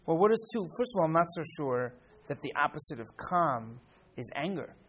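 A man's voice: on the high side, very animated, fairly quick, a bit bright, breathy edge. A man in his sixties from the United States, a rabbi teaching a class through stories, repeating words and often asking "right?". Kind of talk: classroom lesson with personal stories.

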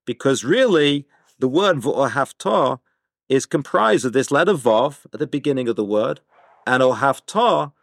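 Male teacher, patient and halting, mid-pitched, dry recording. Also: no echo. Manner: hesitant, many restarts, explanatory. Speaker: Torah class teacher. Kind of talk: informal Torah class.

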